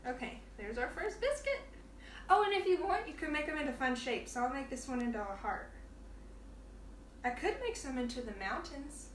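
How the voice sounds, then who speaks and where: A woman hosts a relaxed cooking demonstration from her kitchen, chatting playfully and laughing as she works. Her voice sits a bit high and comes from some distance from the mic. The room is echoey, with a faint hum of ambience behind her. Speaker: cooking show host. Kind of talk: casual live cooking demonstration. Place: home kitchen. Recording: roomy kitchen sound, from off the mic.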